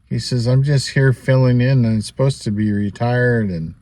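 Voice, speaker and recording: With a mid-range, warm voice at a moderate pace and no echo, a vlogger casually shares a personal story to camera. He chats and rambles, tossing in asides, small laughs and frequent "you know"s.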